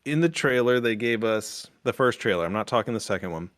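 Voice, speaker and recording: A man's voice: lowish voice, animated, a little fast, a bit bright, no echo. A man hosting a casual podcast review chat, rambling with lots of fillers and restarts. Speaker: podcast host.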